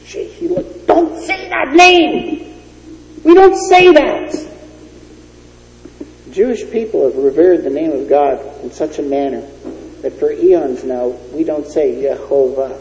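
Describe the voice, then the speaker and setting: A man's voice: on the high side, warm tone. A man preaching a sermon with an emphatic, storytelling delivery. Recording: dull lo-fi recording in an echoey hall.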